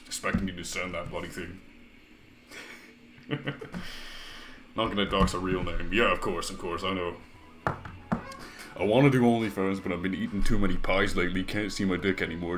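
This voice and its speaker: Deep-voiced man streaming games in a roomy space. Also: a bit bright. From half British, half Canadian. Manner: crude, joking banter with chat. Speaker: game streamer. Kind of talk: casual gaming livestream, reading chat aloud. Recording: echoey room with faint music behind.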